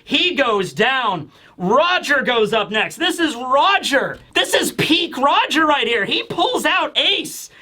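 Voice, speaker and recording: A man giving a casual, animated manga chapter review, laughing often and acting out characters. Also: very high-pitched, slow.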